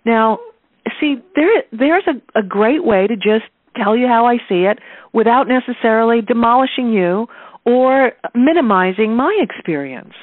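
A woman's voice: a little high, expressive, normal speed, no room sound. A woman author interviewed by phone, giving practical advice in numbered steps. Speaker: author and guest expert. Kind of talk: interview on a call-in line. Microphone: telephone. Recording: tinny phone line.

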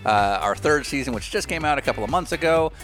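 A man's voice: a little high, lively intonation, fast talker, a bit bright, soft background music. A man hosting a podcast, joking loosely through chat and a sponsor read. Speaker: podcast host.

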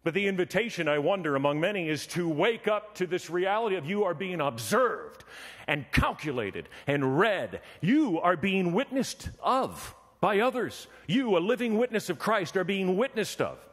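Animated male preacher in a reverberant hall. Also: high voice, normal speed. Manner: animated, acts out voices in his story. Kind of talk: sermon with storytelling.

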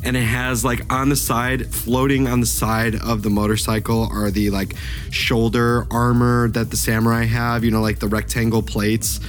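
A man playing in a tabletop game, describing his character's action in an animated, vivid way. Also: mid-range voice, moderate pace, faint music behind. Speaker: player. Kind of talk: casual tabletop play.

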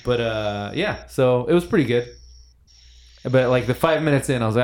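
Joking, animated man hosting a podcast. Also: medium pitch, brisk. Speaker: podcast host. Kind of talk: casual chat.

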